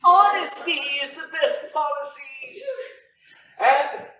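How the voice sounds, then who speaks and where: A man's voice: very high voice, slow pace, a crowd in the background. A man acting a fiery male anarchist firebrand on an amateur stage, declaiming with passion. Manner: impassioned, declaiming. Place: church hall stage, from far off. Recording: echoey hall, distant mic, faint noise.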